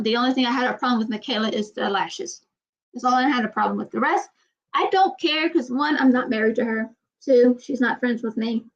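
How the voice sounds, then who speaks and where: A woman's voice: on the high side, muffled recording. A woman with a light Southern US accent, chatting casually and bluntly in a rambling vlog. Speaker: vlogger. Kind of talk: casual chat.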